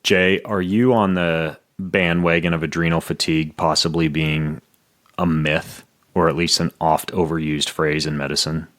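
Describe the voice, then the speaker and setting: A man's voice: a bass voice, flat delivery, a bit bright, dry recording, clean studio sound. A man hosting a podcast, chatting casually and joking his way through ad reads and health answers. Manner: playful, quick, jokey. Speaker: podcast host.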